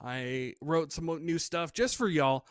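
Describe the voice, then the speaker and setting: A man doing stand-up comedy from home, with a high, bright voice that rises and falls in a lively way as he acts out the people in his stories. He sounds close and dry on his computer mic. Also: unhurried, clear, resonant tone, no room sound. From Michigan, USA. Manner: animated, self-deprecating, acts out quoted voices. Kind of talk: stand-up set over video call. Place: home room.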